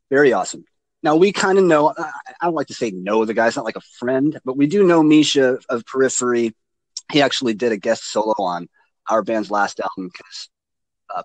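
A man's voice: mid-range voice, no room sound, poor audio. A man co-hosting a casual podcast, joking crudely and swearing freely. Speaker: podcast co-host. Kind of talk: casual chat.

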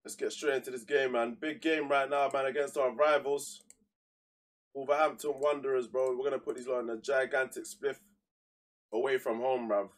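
A young man streaming a football manager game, talking in a loose, slang-heavy stream of chatter. His mid-pitched voice swings between loud, exasperated yelling at his players and low, grumbling asides. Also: level tone, normal speed. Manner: heated, slangy, shouts at players then mutters. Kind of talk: casual live game commentary.

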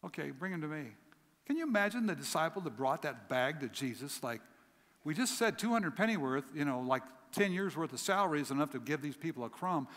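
A slightly higher-pitched man preaches as a guest pastor, his voice carrying a long reverb through a church sanctuary. He tells stories with acted voices and swings from emphatic peaks down to hushed lows. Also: a little fast. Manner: animated storytelling, acts out voices in his stories; rising to emphatic peaks then dropping low. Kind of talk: sermon.

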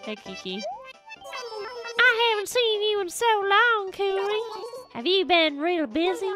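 A woman's voice: very high-pitched, sing-song, unhurried, over music, pitched above the performer's own voice, heavily acted. A woman voicing a chirpy female cat villager from a video game, talking in a folksy, drawling put-on country accent. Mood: chummy. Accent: put-on American country.

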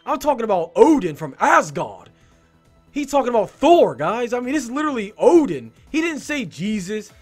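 A man's voice: sits high, big pitch swings, moderate pace, soft background music. A man hosting a video where he reads game reviews aloud and mocks them in a sarcastic, joking way. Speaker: YouTube host. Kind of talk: reading and mocking game reviews.

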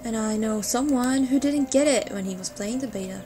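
A woman's voice: fairly high pitch, moderate pace, mellow. A woman hosting a gaming video, chatting playfully and exclaiming at objects she finds, over game music. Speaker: let's play host. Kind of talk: gaming commentary.

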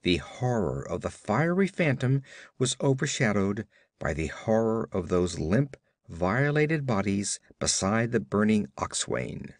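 A man giving expressive, dramatic audiobook narration of a pulp adventure. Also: fairly low pitch, measured pace, dry recording, clean studio sound.

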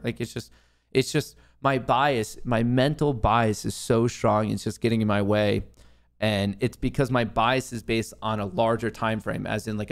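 A young man hosting a live trading stream, talking casually to himself and his viewers, muttering and swearing at the market. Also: medium pitch. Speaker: livestream host, day trader.

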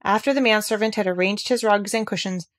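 A woman reading a classic novel aloud as narrator, with gentle, expressive storytelling. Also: mid-range voice, brisk. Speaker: audiobook reader.

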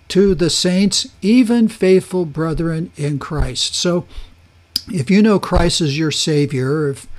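A man teaching a verse-by-verse Bible study, reading scripture aloud and explaining word meanings, with frequent pauses and restarts. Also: on the high side. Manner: slow and deliberate, pausing and restarting as he explains.

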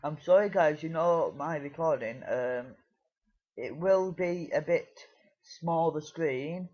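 A man's voice: on the high side, dull audio, a little hiss or hum. A British man giving casual gameplay commentary, rambling with many fillers and restarts. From United Kingdom. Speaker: gaming video creator.

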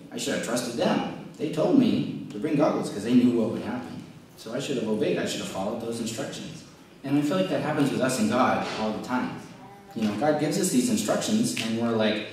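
A man's voice: mid-range voice, darkish tone. A young man telling a rambling, casual story with many fillers, talking to kids. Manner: chatty, rambling, lots of fillers. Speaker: children's message speaker. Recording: very echoey room from far off.

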